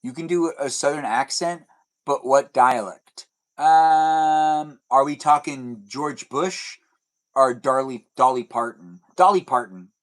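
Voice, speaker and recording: With a mid-range, slightly bright voice and measured pace, a young man streams casually from home and rambles while answering chat messages out loud. A TV can be heard behind him.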